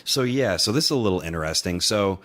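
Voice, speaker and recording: Lively low-voiced man telling a story. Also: quick pace. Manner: animated, acts out quotes, swears freely. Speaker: podcast co-host. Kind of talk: casual storytelling chat.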